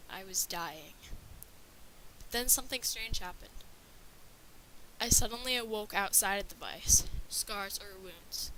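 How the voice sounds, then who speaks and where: A woman's voice: medium pitch, measured pace, pauses often, pushed and bright, a little hiss or hum, poor audio. A woman narrating a scripted horror story with a dramatic reading manner.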